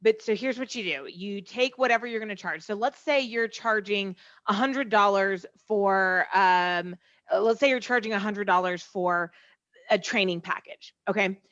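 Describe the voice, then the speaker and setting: Woman, sales trainer, brisk and confident, muffled lo-fi sound, dead dry room. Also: mid-range voice, a bit bright, dry recording. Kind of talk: casual conversation. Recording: dull dry lo-fi call audio.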